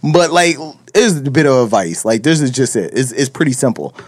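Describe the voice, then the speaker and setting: A man's voice: medium pitch, big pitch swings, a little fast, no echo. A man in casual chat, making blunt points and repeating them plainly.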